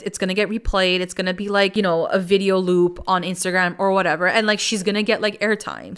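A woman's voice: mid-range voice, a bit bright, smooth. A young woman hosting a podcast, recapping a reality show in a chatty way, saying "like" constantly and swearing casually. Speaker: podcast host.

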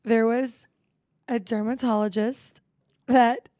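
Woman, thirties, higher voice, animated storyteller, swears freely, dry close sound. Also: takes it slowly, no echo. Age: 30s. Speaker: podcast co-host. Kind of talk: casual chat.

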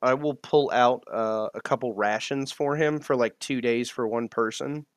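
A man playing a tabletop game, joking about the story in an animated way. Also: medium pitch, normal speed, no echo, clean studio sound. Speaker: player.

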